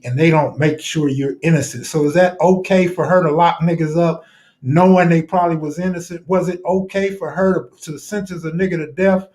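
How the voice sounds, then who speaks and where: High-voiced man, heated and animated. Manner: heated, animated, profane, arguing a point. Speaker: live stream host. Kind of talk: casual live-stream chat.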